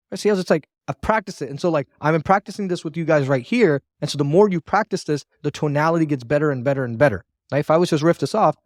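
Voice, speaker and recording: A man's voice: on the high side, fast talker, a little mellow, no room sound, clean studio sound. A man teaching a recorded sales training lesson in a casual, repetitive coaching manner, acting out sample phone lines with shifting tone.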